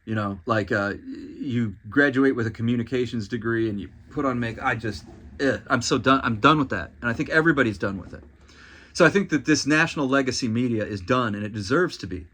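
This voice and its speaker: A man's voice: medium pitch, brisk, a bit bright. Exasperated man ranting on a podcast. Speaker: podcast host. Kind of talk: solo commentary monologue.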